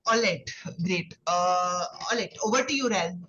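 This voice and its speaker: A woman's voice: on the low side, measured pace, a bit bright, dull audio. A woman teaching a French class to children online. She explains patiently, repeats words, and keeps checking in with "okay?" and "right?". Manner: explains patiently, with many "okay"s and tag questions.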